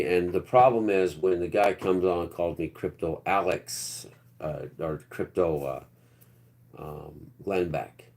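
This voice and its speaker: A man in his fifties with a very low voice talks loosely to his livestream chat. He wanders from point to point and often drops into quiet mutters. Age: 50s. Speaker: livestream host. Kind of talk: rambling live-stream chat with viewers.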